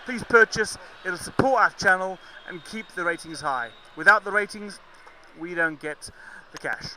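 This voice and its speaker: A man's voice: high-pitched, moderate pace, bright, forceful tone, slight background noise, low-quality recording. A man from Zambia with a mixed southern African and English accent, giving chatty, jokey live cricket commentary. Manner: chatty, jokey, self-correcting.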